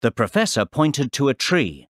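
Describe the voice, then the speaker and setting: A man narrating a story slowly and clearly for English learners. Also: mid-range voice, dry recording, studio quality. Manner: deliberate, expressive reading for learners. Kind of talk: slow, clear textbook narration.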